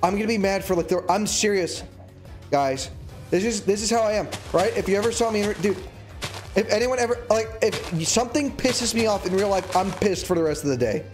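High-voiced young man ranting on stream. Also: expressive, fairly quick, soft background music. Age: 20s. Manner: rambling, agitated ranting with many restarts. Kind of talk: casual live-stream chat.

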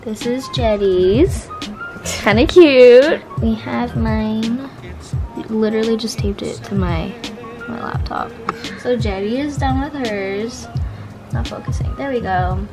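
A giggly young woman talks casually to her camera while hanging out with friends, pitched a little above the usual. Her chat is light and chatty, and music plays behind her. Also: takes it slowly. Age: young adult. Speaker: vlogger.

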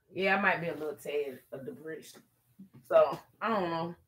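A woman's voice: low voice, lively intonation, measured pace, slightly rough. A middle-aged woman, chatting casually and laughing often with viewers on a live stream while she is tired.

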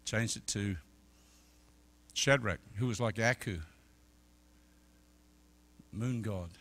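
The middle-aged evangelist takes his time, his voice lowish, as he preaches at a church service. He weaves in stories and swings from quiet speech to loud, shouted high points.

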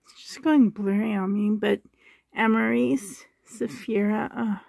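A woman chatting casually in her home bedroom, soft-spoken and doting, often dropping into a whisper, filming on a handheld camera. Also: on the high side, steady tone, unhurried, vocal fry, no echo. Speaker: doll collector vlogger. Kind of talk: casual show-and-tell chat.

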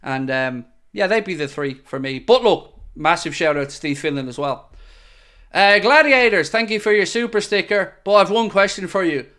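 A man's voice: high voice, animated, moderate pace, fairly bright tone, clear, resonant tone. A man hosting a live football watchalong, chatty and upbeat as he reads out viewer messages. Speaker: fan channel host.

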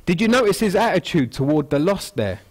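An English pastor, with a high-pitched, sing-song voice and a slightly fast delivery, gives an expository sermon in a church hall through a wireless mic and the speakers. He keeps it conversational, voicing people's thoughts as quotations.

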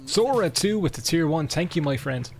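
A man streaming a game live, swearing, laughing and reading in-game books aloud with excitement. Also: on the high side, moderate pace, creaky, faint music behind. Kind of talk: live gameplay commentary.

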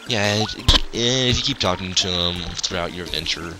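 A man's voice: sits low, normal speed. A man giving casual, hesitant commentary over a role-playing game and reading its dialogue aloud. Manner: hesitant, many fillers and restarts. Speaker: let's play commentator. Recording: game music underneath.

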